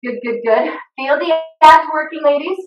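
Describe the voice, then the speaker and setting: Breathless high-voiced woman coaching a workout. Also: normal speed, dull audio. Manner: encouraging, gives steady cues while exercising along. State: out of breath from exercising. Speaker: fitness instructor. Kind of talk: live online workout coaching. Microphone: video call. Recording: roomy sound from away from the mic.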